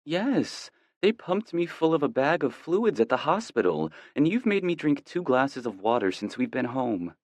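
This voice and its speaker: A man's voice: medium pitch, sing-song, moderate pace, hardly any pauses, a little mellow, dry recording, pitched above the performer's own voice, close to an everyday voice. A man reading an audiobook, voicing a drowsy, playful young woman who teases her partner. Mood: sleepy, teasing. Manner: drowsy, teasing.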